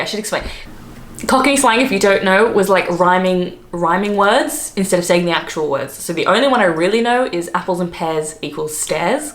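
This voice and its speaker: A woman's voice: medium pitch, reverberant. A young Australian woman chatting casually to her vlog audience, bubbly and self-mocking, laughing often. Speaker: vlogger.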